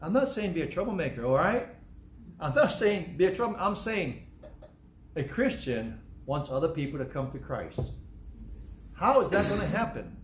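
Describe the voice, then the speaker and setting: Guy preaching, kinda high voice, talks casual then punches words hard, roomy echo, faint hiss behind. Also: big pitch swings, normal speed. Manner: conversational preaching with sudden loud emphatic bursts. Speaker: pastor. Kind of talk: sermon. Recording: echoey room.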